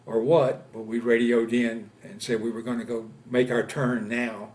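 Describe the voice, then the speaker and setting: A man in his seventies from Louisiana, recounting his war experiences in an oral history interview, speaking haltingly with many pauses and fillers. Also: mid-range voice, little pitch movement, a little mellow. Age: 70s. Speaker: veteran interviewee. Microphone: interview camera setup.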